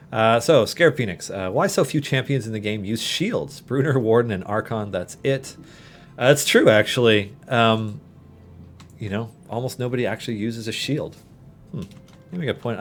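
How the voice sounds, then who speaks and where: A man with a Canadian accent hosting a casual livestream, reading and answering chat questions with many fillers and restarts. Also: fairly low pitch. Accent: Canadian English.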